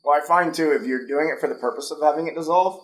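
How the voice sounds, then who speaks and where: A man's voice: a little high, quick pace, poor audio. A man speaking as a podcast guest in casual conversation, reflective and thinking aloud with restarts.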